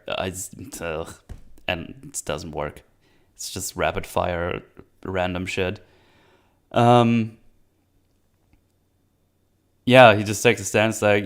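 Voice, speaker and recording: Low smooth-voiced young man, animated. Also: takes it slowly, long pauses. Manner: animated, mocking character quotes. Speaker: podcast host. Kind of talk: casual movie review chat.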